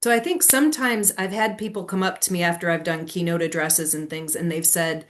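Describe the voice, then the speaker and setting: A woman in her forties, a former educator, explaining ideas in a lively conversational interview. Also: lowish voice. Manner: animated storytelling with quick asides. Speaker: guest, leadership strategist and former educator.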